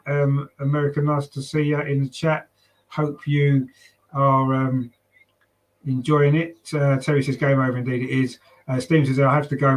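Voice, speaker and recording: A man's voice: medium pitch, low-quality recording. A man from London with a southern English accent hosts a live fan watchalong, commentating on a match and reading out chat comments in a chatty way, with lots of ums and tag questions. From London, England.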